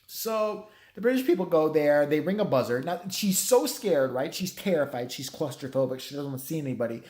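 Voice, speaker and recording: A man's voice: a little high, animated, brisk, darkish tone. Man with a profane, rambling review in an echoey room. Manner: profane, rambling, acts out characters' lines. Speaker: movie reviewer.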